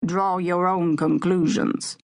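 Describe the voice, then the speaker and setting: A slick male defense attorney in an audiobook scene, voiced by a woman narrator, addresses reporters with defiant scorn. The voice rises in pitch on his attacks and slows on his closing jab. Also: fairly even intonation, darkish tone.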